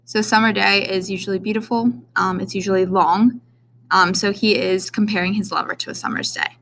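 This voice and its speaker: Young woman, teacher delivering a recorded lesson, relaxed and chatty with frequent "um"s, faint background hiss. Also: medium pitch, fairly quick, vocal fry. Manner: casual, many "um" fillers.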